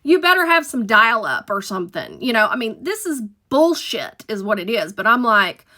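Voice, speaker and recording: Bright-voiced woman telling a wild story. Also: a little high, very animated, normal speed. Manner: profane, emphatic, dramatic retelling. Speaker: storyteller, former dispatcher. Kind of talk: casual storytime monologue.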